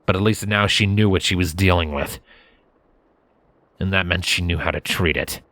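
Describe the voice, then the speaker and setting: A man reading a fanfiction story aloud in steady, measured narration. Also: low voice, dry recording. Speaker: fanfiction reader.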